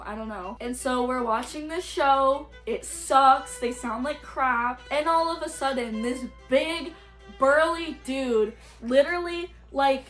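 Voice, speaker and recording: Blunt, profane young woman telling stories. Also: sits high. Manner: blunt, profane, frequent "like" fillers. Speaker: YouTuber. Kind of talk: casual storytelling vlog.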